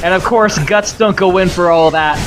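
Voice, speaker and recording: A man's voice: high-pitched, normal speed, over music. A man giving casual, sarcastic and profane commentary while playing a video game. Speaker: let's play host.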